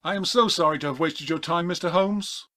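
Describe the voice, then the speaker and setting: A man voicing an eccentric, excitable collector in a comedy audio play, with a polite, formal manner. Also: fairly high pitch, a little fast. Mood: prim.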